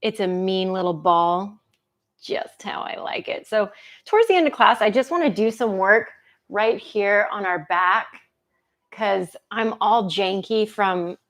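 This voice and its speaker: A woman instructor chatting casually with viewers before a live movement class, laughing often and greeting people by name. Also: mid-range voice. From United States.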